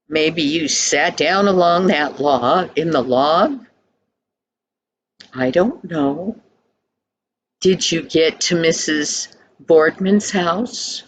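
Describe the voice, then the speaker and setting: Older woman doing a calm wise father. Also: low-pitched, slight background noise, full character voice, rough recording. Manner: calm, gently questioning.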